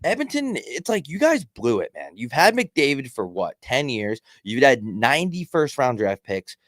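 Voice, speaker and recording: A man's voice: medium pitch, big pitch swings, moderate pace, a bit bright, no room sound, clean studio sound. A man co-hosting a podcast in casual sports chat, rambling and profane. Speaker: podcast co-host.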